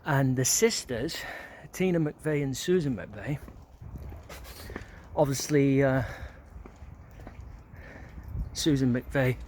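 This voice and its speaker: A man's voice: medium pitch, slow pace, darkish tone, a little hiss or hum. A middle-aged man walks around an outdoor neighbourhood. He reminisces in a loose, rambling way, full of filler words and casual swearing. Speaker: vlogger.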